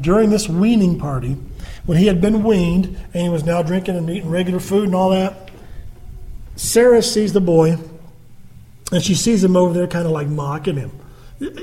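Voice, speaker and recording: A man's voice: high-pitched, a little mellow. A man preaching a sermon in a conversational way, reading scripture and acting out the people in the story. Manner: conversational preaching, acts out quoted dialogue. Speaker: pastor.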